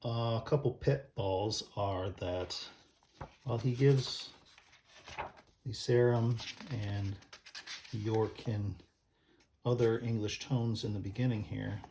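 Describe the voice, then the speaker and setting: A man's voice: on the low side, fairly even intonation, slow pace, long pauses, dark tone, slight background noise. A man explaining church music casually, thinking aloud with many ums and restarts as he pages through a book.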